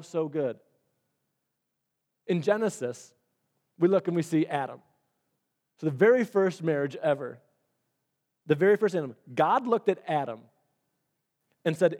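A man with a fairly high voice preaches his sermon like an easy conversation, stumbling and restarting as he goes. He sounds like a pastor telling stories from the pulpit. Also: a little mellow. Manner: conversational storytelling with repeated restarts.

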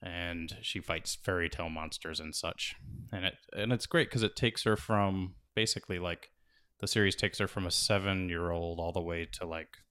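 A man's voice: low voice, fairly even intonation, moderate pace, sharp tone, smooth. A man and father talking casually about reading books to his children, enthusiastic and a bit rambling. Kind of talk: casual chat.

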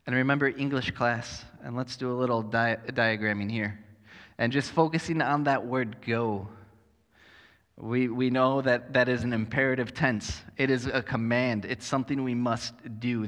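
Male pastor, mid-pitched, conversational sermon delivery with dry humor, recorded in an echoey church hall. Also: fairly bright tone. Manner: conversational, self-deprecating humor.

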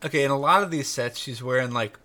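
A man with a bright, forward voice co-hosts a casual gaming podcast. He rambles through his points and leans on filler words. His pitch sits in a middle range. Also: fast. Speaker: podcast co-host.

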